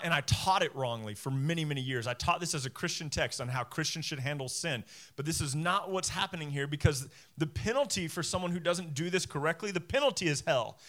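A man in his forties preaching a sermon from a church stage, animated and self-deprecating, acting out voices as he goes. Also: fairly high pitch. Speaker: pastor. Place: church stage before a congregation.

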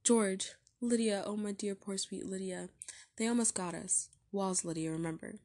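A woman reading a calm, soothing husband. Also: medium pitch, normal speed, lightly acted. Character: reassuring, slightly dismissive husband and father.

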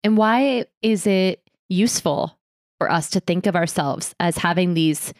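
A woman's voice: on the low side, unhurried, no room sound, studio quality. A woman hosting a podcast, chatty and easygoing as she introduces her guest. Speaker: podcast host. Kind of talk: casual interview chat.

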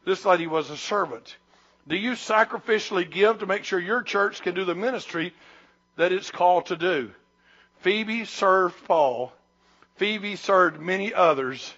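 A middle-aged man preaching a sermon as pastor, breaking into loud, emphatic bursts and drawing certain words out slowly. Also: sits high, lo-fi sound.

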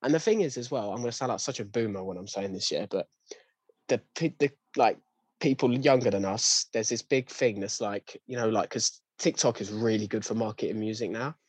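A man's voice: on the low side, a little fast, slightly rough, no room sound. A young man in a casual chat, ranting with lots of slang and restarts.

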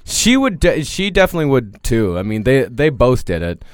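A man's voice: mid-range voice, big pitch swings, normal speed, dry recording, clean studio sound. A man co-hosting a podcast in casual chat, easygoing and hesitant, with many fillers as he tells stories. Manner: easygoing, frequent fillers, laughs along. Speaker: podcast co-host.

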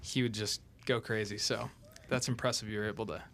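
A man hosting a casual podcast chat, easygoing and quick to react. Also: lowish voice, fairly even intonation, fairly bright tone. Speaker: host.

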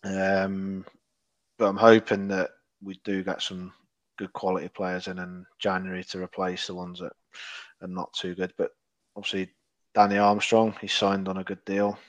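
A man's voice: sits low, moderate pace, no room sound, dull audio. A Scottish man co-hosting a football podcast, chatting casually and acting out quoted dialogue in his stories. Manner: animated storyteller, acts out quoted dialogue. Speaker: podcast co-host. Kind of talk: casual chat.

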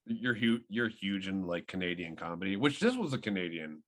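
A man's voice: low-pitched, sing-song, fairly quick. Swearing, rambling podcast co-host man. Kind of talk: casual movie review chat.

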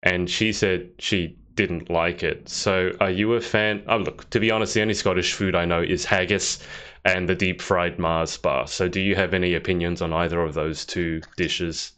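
A man's voice: low voice, fairly even intonation, moderate pace, fairly bright tone, clean tone. A man hosting an interview, chatting in a friendly, slightly hesitant way. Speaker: interview host. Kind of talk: casual interview chat. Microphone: video call.

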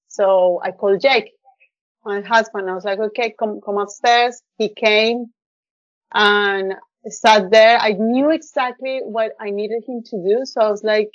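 A woman's voice: mid-range voice, no room sound. A woman shares a personal story as a podcast guest, effusive and heartfelt, her speech full of little fillers. The sound is dry with no room around it, and a bit dull and lo-fi. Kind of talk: casual storytelling interview.

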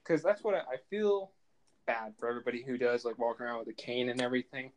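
Young man, podcast co-host, casual rambling chat, mid-pitched voice. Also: fast talker, low-quality recording. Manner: rambling, laughs often, swearing.

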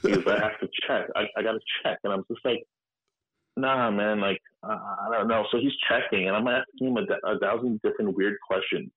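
A man in his thirties telling his story in a candid interview, halting and full of fillers, acting out the people he quotes. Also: on the low side, steady tone, breathy edge, no echo. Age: 30s. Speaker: guest. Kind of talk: candid interview over a phone line. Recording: tinny phone-line audio, dry.

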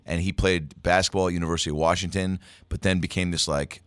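A man's voice: deep voice, steady tone, quick pace, fairly bright tone, smooth, no echo, studio quality. A young man from Seattle telling rambling, profane stories about his school teachers in casual chat. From Seattle area, USA. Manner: rambling, profane, puts on voices of old teachers.

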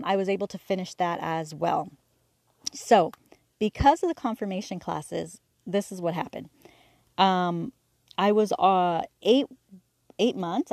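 A woman hosting a podcast, telling a personal story candidly, halting with fillers and restarts and acting out the dialogue. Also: fairly low pitch, darkish tone, dry recording. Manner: acts out quoted dialogue. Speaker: podcast host.

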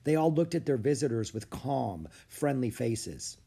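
A man narrating a children's book aloud with expressive storytelling. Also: medium pitch, measured pace, creaky, husky. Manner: expressive, story-telling delivery. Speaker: audiobook narrator.

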